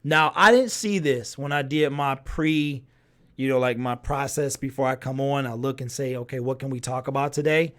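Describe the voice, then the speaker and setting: A man hosting a casual sports talk livestream, reacting to viewers' chat and reading comments aloud with lots of fillers and repeats. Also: on the high side.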